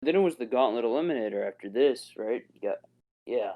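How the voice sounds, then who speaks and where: A man's voice: mid-range voice, lively intonation, fairly quick, warm tone, low-quality recording. A man on a podcast in casual chat, giving a rambling play-by-play recap. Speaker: podcast co-host.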